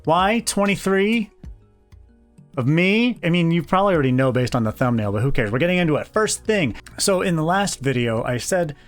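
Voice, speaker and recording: A man's voice: fairly high pitch, expressive, fast talker, few pauses, faint music behind. A young man chatting casually to the camera in a vlog, joking and rambling with self-deprecating asides. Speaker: vlogger.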